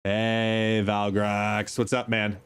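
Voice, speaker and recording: Sleepy, slow-talking man streaming a game. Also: lowish voice, monotone, clean tone. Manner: chatty, greets viewers by name, talks to his dog. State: sleepy, keeps yawning. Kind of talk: casual live-stream chat.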